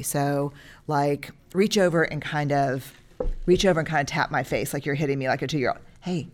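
A woman in her forties talking casually as a podcast guest, animatedly acting out what she would say to a child. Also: low-pitched. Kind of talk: casual parenting chat.

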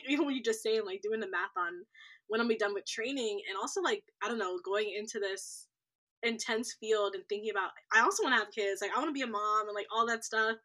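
A woman's voice: mid-range voice, brisk, bright, forceful tone. A woman in her twenties, a guest on a podcast, talking in an easygoing, thoughtful way. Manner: easygoing, thoughtful, with frequent laughs and fillers. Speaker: guest, medical trainee. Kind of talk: casual interview chat.

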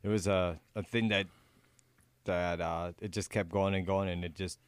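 A man in casual podcast chat who speaks haltingly, restarting and trailing off. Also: deep voice, fairly even intonation, clear, resonant tone, no room sound. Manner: halting, trails off, many fillers. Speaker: podcast co-host.

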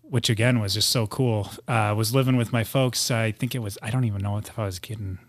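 A man's voice: on the low side, fairly even intonation, fast talker, no echo. A man from the United States, a guest on a studio podcast, telling stories in casual chat with lots of restarts. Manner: rambling storyteller with many restarts.

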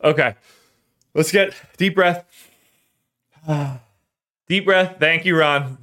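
A man's voice: on the high side, slow pace, sharp tone. Rambling, choked-up male podcast host. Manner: rambling, self-deprecating, emotional about his team. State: voice cracking, choked up. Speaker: fantasy sports podcast host. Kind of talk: casual solo livestream talk.

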